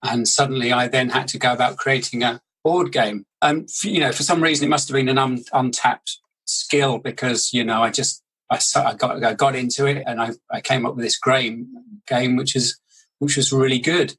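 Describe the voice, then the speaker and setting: A middle-aged man with a Surrey English accent, a guest in an interview, talking in a relaxed, rambling way. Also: medium pitch, normal speed, husky, low-quality recording. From Surrey, England. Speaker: board game inventor, guest. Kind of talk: casual interview chat.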